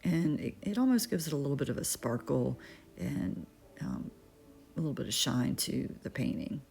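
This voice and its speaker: A middle-aged woman narrating a painting tutorial, talking it through as she works, relaxed and thinking aloud with small fillers and restarts. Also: very deep voice, normal speed, vocal fry. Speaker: art instructor. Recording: faint music behind.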